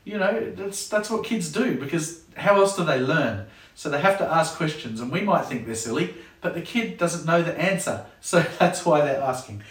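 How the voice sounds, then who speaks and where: A man's voice: on the high side, lively intonation, normal speed. A man who leads a kids club, chatting casually to camera with a jokey manner and acting out parents' sayings. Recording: roomy sound from a distant mic.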